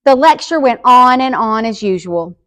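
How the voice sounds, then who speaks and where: A woman school librarian reading a children's picture book aloud in a lively, expressive way. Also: a little high, normal speed.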